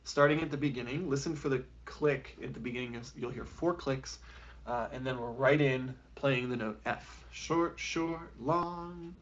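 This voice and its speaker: A man's voice: mid-range voice, steady tone, normal speed, dull audio. A man teaching a live online beginner flute lesson, talking casually and encouragingly with plenty of fillers. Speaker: music teacher.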